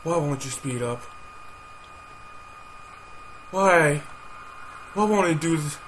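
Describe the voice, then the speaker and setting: A man's voice: a little high, measured pace, a bit bright, a little hiss or hum. A young man commenting on a horror game as he plays, nervous and jumpy, swearing often. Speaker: gaming youtuber. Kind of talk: let's play commentary.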